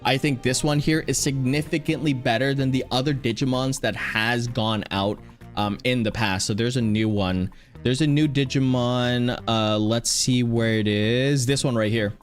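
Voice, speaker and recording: A man's voice: mid-range voice, fairly even intonation, normal speed, faint music behind. A man streamer chatting casually and rambling, often restarting his sentences. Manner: rambling, with many restarts and fillers. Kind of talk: casual chat.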